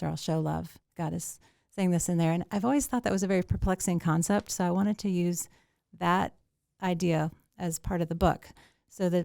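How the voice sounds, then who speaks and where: A middle-aged woman with a low voice and a gravelly edge, talking fast with restarts and ums as she chats about her writing. The sound is smooth and dry, with no room around her. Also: dark tone, dry recording. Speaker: author guest. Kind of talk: casual interview chat.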